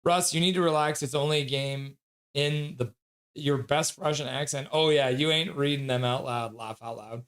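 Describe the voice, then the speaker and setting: A man hosting a casual live stream, reading out viewer chat with frequent laughs and excited outbursts. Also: mid-range voice, moderate pace. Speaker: livestream host.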